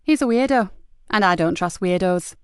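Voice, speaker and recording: A woman voicing a sharp, tough female detective inspector who talks brisk and blunt. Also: mid-range voice, animated, clear, resonant tone, no echo, clean studio sound, lightly acted.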